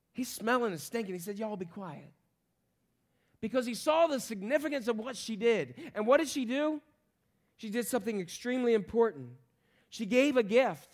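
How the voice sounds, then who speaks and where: A man preaching a sermon to a congregation, animated, asking the crowd questions and acting out the voices of people in the story. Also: sits high. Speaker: pastor.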